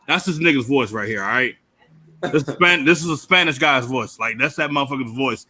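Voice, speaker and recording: Bright-voiced man telling profane stories. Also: mid-range voice, brisk. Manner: animated storytelling, profane, laughing banter. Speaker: podcast guest. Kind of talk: casual chat.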